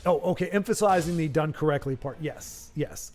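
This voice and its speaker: A man's voice: fairly high pitch, lively intonation, a little fast, hardly any pauses, a little mellow. A man casually commentating a card game on a live stream, reading chat aloud, rambling and correcting himself with jokes. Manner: rambling, self-correcting, jokey.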